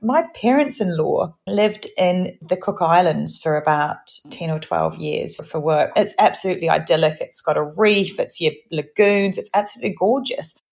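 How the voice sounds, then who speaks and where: A middle-aged woman from New Zealand with a softened Kiwi accent, co-hosting a podcast in a lively, laughing storytelling manner. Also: on the low side, normal speed, creaky, few pauses. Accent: New Zealand, partly anglicised. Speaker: podcast co-host. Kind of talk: casual chat.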